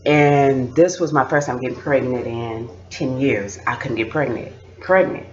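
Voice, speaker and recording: A woman, a mother and vlogger, telling family stories in an animated, laughing casual chat. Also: extremely low pitch, measured pace, dull audio.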